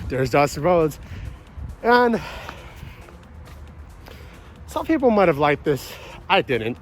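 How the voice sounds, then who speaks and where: A man's voice: fairly high pitch, low-quality recording. A man giving a casual, rambling reaction review of a wrestling event, frank and often swearing. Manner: rambling, profane, frank opinions.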